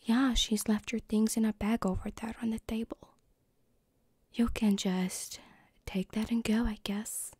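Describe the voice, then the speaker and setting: Woman doing a middle-aged mom, whispered role-play, gentle, hesitant, breathy, slow. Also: a little high, fairly even intonation, dry recording. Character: kind middle-aged mother of the listener's ex.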